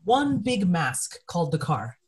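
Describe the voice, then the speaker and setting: A woman co-hosting a conversational discussion, speaking earnestly and emphatically while keeping her voice steady. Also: lowish voice, a little slow. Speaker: podcast co-host.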